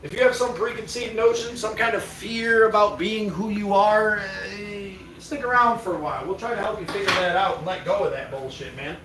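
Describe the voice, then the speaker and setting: High-voiced laid-back man, echoey and distant. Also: fairly quick, few pauses. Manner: laid-back, teasing, swears freely. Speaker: livestream host. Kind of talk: casual chat. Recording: echoey, distant mic, background noise.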